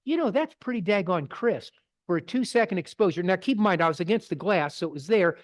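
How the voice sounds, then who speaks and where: Middle-aged guy, high voice, folksy rambling stories at a club talk. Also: lively intonation, fast talker. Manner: folksy storyteller, digresses. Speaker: photography club presenter. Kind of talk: casual talk with slides. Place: club meeting room.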